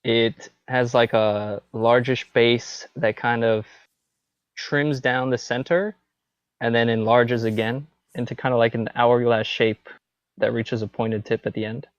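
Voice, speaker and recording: Unhurried man narrating as game master. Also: mid-range voice, flat delivery, clean tone, no echo, lo-fi sound. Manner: loose, filler-heavy narration.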